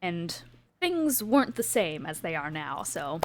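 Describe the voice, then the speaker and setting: A woman's voice: fairly low pitch, sing-song, unhurried, background noise. A woman from Canada narrating a tabletop game as game master, chatty and laughing between lines.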